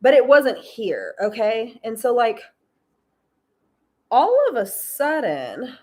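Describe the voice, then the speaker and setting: A woman's voice: on the high side, slow. A woman hosting a casual spiritual talk from her home, telling stories animatedly and acting out her conversations with God. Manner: animated storytelling, acting out her talks with God in shifting voices. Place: at home, indoors.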